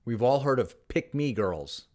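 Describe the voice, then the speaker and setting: A man's voice: mid-range voice, expressive, measured pace, a little mellow. A man hosting his own golf channel, telling a story and reading posts aloud in a sarcastic, mock-dramatic way. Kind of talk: narrated commentary reading tweets aloud.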